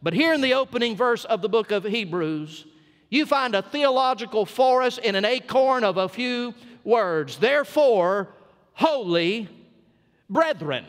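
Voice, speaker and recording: A man's voice: extremely high pitch, lively intonation, moderate pace, a bit bright. A man with a South Georgia Southern accent preaching a sermon as senior pastor, folksy and emphatic, drawing out his punch lines. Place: church sanctuary. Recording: long church reverb.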